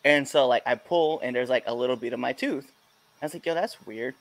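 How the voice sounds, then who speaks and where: A man's voice: mid-range voice, fairly quick. A man hosting a podcast in casual chat, telling stories with lots of laughter and acting out other people's lines. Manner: laughing storyteller who acts out quotes. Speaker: podcast host.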